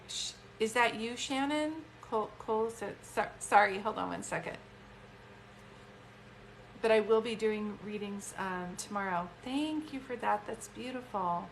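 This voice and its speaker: Woman in her fifties, chatty and heartfelt, faint hiss. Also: a little high. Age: 50s. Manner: chatty, heartfelt, many fillers. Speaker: psychic medium. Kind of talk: live-stream reading, casual chat.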